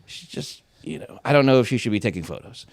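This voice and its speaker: A man's voice: mid-range voice, fast, gravelly. A young man, a podcast host, telling a casual story with lots of swearing and acted-out quotes. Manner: animated, swearing, acts out quotes.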